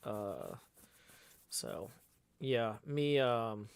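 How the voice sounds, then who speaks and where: A man's voice: on the low side, huge pitch swings, drawn-out words, vocal fry, clean tone. A man hosting a casual livestream, talking in a rambling, irritated way with many restarts. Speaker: livestream host.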